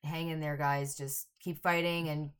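A Canadian woman in her late thirties co-hosting a podcast in casual chat, blunt and quick with asides, swearing freely. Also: low voice, flat delivery, clear, resonant tone. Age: 30s. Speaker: podcast co-host.

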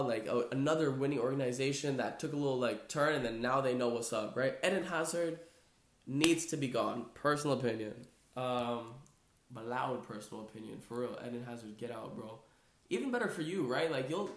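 A man's voice: medium pitch, a little fast. A man hosting a casual sports chat podcast, rambling loosely with lots of fillers and "bro.". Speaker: podcast host. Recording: echoey room.

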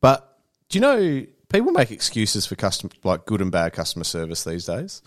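A man's voice: on the low side, wildly swooping pitch, normal speed. An Australian man in casual podcast chat, swearing freely and acting out the people he quotes. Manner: swears often, acts out quoted dialogue.

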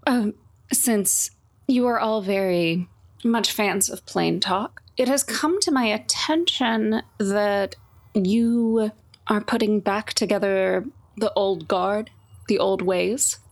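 A woman player role-playing her character in a theatrical, smooth, flirtatious manner. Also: medium pitch, takes it slowly.

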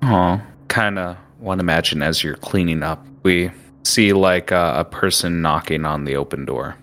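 A man's voice: low-pitched, normal speed, a bit bright. A man narrating a tabletop game as game master, describing scenes and prompting players. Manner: descriptive, with restarts.

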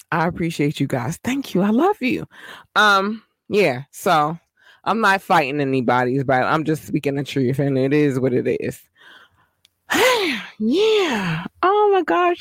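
A host, doing casual shout-outs and speaking affectionately to the listeners. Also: mid-range voice, no echo. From Baltimore, Maryland. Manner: affectionate, repeats thanks to listeners.

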